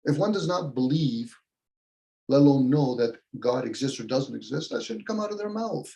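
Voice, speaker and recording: A man co-hosting a loose philosophical talk show, voice gravelly and low in brightness. He talks in an animated way and slips into quoted back-and-forth while making his point. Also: moderate pace, dull audio. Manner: animated, acts out quoted dialogue. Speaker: co-host. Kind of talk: casual philosophical chat.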